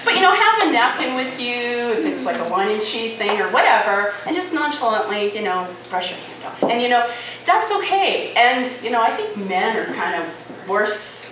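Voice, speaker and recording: A woman presents to a conference audience in a chatty, animated way, her pitch swinging up and down as she talks. She sounds a little high and is heard from across a very echoey room. Steady background noise runs under her voice. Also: moderate pace. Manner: lively, conversational, frequent "right?" and "okay?" asides. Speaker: conference speaker. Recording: echoey, distant hall recording with noise.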